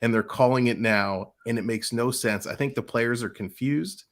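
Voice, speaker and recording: Brief: male co-host, even-toned, frustrated, matter-of-fact. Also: medium pitch, normal speed. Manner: steady, frustrated critique. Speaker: hockey show co-host. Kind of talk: casual sports chat.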